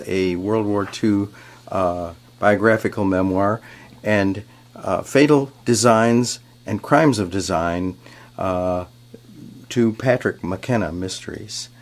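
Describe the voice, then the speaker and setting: A man author on a podcast panel who speaks hesitantly, with many pauses. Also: fairly low pitch. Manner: hesitant, many ums and uhs. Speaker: author guest. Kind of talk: casual panel chat.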